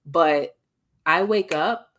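Low-voiced woman, candid podcast chat. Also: takes it slowly, a bit bright. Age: young adult. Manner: candid, swears, acts out quotes. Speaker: podcast co-host. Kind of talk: casual chat.

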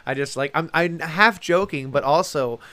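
A man who works as a travel planner, co-hosting a casual chat, jokey and full of quick restarts and asides. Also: a little high, sharp tone. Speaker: travel planner and podcast co-host.

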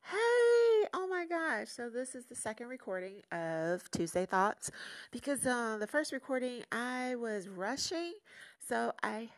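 A woman's voice: fairly high pitch, a little slow. A woman hosting her own podcast in a casual, candid solo monologue that turns motivational. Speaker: podcast host.

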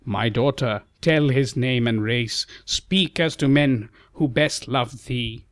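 A man voicing a gentle, worried king and father in an audiobook ballad, measured and anxious. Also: medium pitch, no room sound, studio quality, lightly acted. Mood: earnest.

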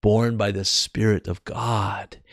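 A man's voice: fairly low pitch, flat delivery, slow, creaky, dry recording, clean studio sound. A man teaching from the Bible with an enthusiastic, exclamatory manner, often calling his listeners "you guys".

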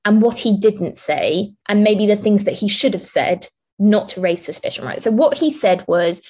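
A woman think-tank analyst giving measured, explanatory answers in an interview, with frequent restarts. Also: medium pitch, expressive, darkish tone, husky.

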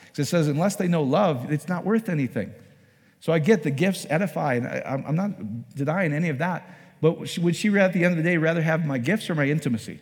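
Animated preacher in an echoey hall. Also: male voice, on the high side, quick pace. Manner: conversational, animated storytelling with acted-out asides. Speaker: pastor. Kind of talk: sermon.

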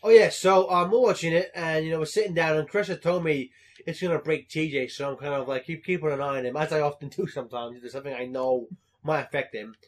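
A young man with a slightly high voice chats casually and tells a story with lively energy. He swears freely and breaks into laughter. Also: fast talker. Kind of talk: casual chat.

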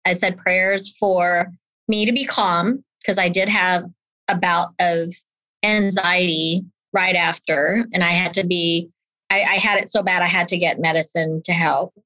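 A woman in her fifties tells her own story as an interview guest, lively and expressive, putting on the voices of others as she goes. Her voice sits a little low, and the recording is dull and lo-fi, with a dry, close sound. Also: unhurried, no echo. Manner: animated storyteller who acts out quoted voices. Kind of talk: personal story in conversation.

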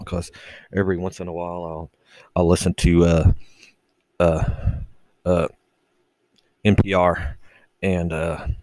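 A man's voice: deep voice, a little mellow, no room sound, poor audio. A man hosting his own solo podcast, rambling casually and swearing, mocking himself as he goes. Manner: rambling, profane, self-mocking. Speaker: podcast host.

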